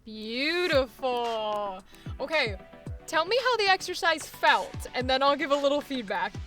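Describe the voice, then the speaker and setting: Woman coach, animated explaining, laughs a lot, high pitch, faint music behind. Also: normal speed. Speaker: voice acting coach. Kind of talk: coaching session.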